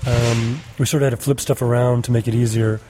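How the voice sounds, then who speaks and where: A man's voice: mid-range voice, level tone, brisk, dark tone, slight background noise. A man interviewed as an actor on an indoor green-screen stage, answering hesitantly with many filler sounds. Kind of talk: casual behind-the-scenes chat.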